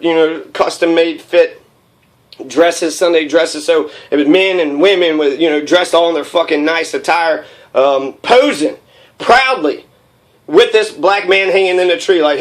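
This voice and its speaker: Heated, profane man, raised voice. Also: fairly high pitch. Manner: heated, profane, rambling with many fillers. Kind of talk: profane political rant.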